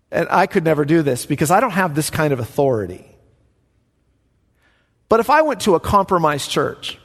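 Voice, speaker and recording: A male pastor delivers a lively sermon in a high, very expressive voice that swoops up and down. He talks like he's chatting with the congregation, then pushes hard on key lines. His voice rings out with a long echo through a large hall. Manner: animated, conversational preaching with bursts of emphasis. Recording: echoey hall with long reverb.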